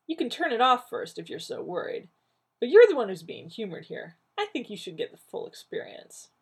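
A woman voicing a peevish, anxious male scientist who talks in wordy bursts, with a creaky, husky voice. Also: a little high, sing-song, fairly quick, voice pushed up, full character voice. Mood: pushy.

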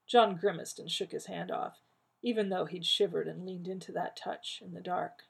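A woman narrating a work of fiction at a steady, even pace in a husky, gravelly voice. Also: lowish voice, moderate pace. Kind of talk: audiobook reading of fiction.

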